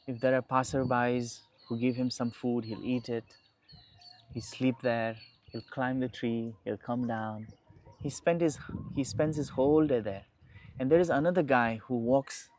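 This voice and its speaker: A man's voice: mid-range voice, darkish tone. A young man, a podcast guest, talking reflectively in casual conversation and often restarting his phrases.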